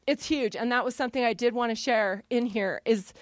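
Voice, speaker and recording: A woman, middle-aged, sharing a personal testimony with an audience in a lively, self-mocking way, jumping into the voices of the people in her story. Her voice sits fairly high and is recorded dry and close, with no room echo. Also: fairly quick. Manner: lively, self-deprecating storytelling with animated quoted asides. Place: in front of a live audience.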